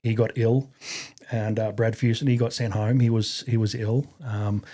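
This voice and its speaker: A man's voice: lowish voice, level tone, moderate pace, warm tone. A middle-aged Australian man, an army veteran, telling stories in a rambling casual way with many fillers and restarts. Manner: rambling, frequent fillers and restarts, acts out quoted voices. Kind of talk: casual storytelling.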